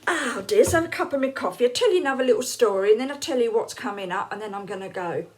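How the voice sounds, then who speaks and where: A woman's voice: on the high side, animated, fast. An English woman in her late fifties, telling stories casually to camera in a chatty, laughing way. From England. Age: late 50s. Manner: chatty, laughs often, acts out quoted lines. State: unwell, feeling hot and cold. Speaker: vlogger.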